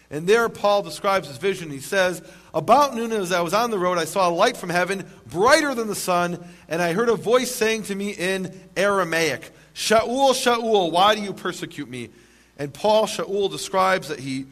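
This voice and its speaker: A man's voice: high-pitched, fairly bright tone. A man giving a lecture to a live audience, emphatic, asking rhetorical questions and making wry jokes.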